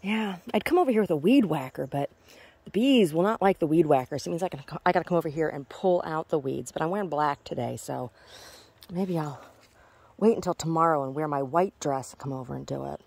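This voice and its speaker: A woman's voice: low voice, a little fast, creaky, a little mellow, breathy edge, no room sound. A woman vlogging casually as she walks her backyard garden, muttering to herself and cooing at her chickens. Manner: chatty, muttering to herself, sing-song baby talk to animals.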